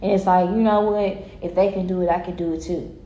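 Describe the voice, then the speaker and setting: Woman tarot reader, mellow voice, blunt and profane, recorded in a roomy space. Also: fairly low pitch, fairly quick, lo-fi sound. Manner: blunt, heavily profane, animated storytelling. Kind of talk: casual tarot reading monologue.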